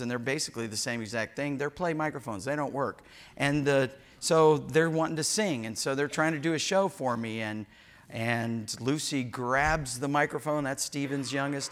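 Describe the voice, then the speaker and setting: Bright-voiced older man preaching a sermon. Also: medium pitch. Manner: joking, storytelling preacher who acts out quotes. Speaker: pastor.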